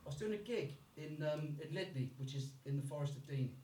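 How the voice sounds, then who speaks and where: Heavy background noise fills this distant, echoey recording of a male Brummie comic's stand-up set at a live club. His fairly high voice moves with lively intonation, a little fast, as he swears freely and does voices for accents.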